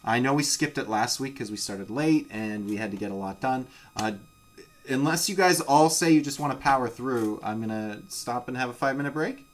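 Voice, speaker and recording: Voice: mid-range voice, brisk. A dungeon master chatting with the players on a live stream, laughing often and talking loosely. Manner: chatty, laughs easily, lively. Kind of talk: running a tabletop game on a live stream.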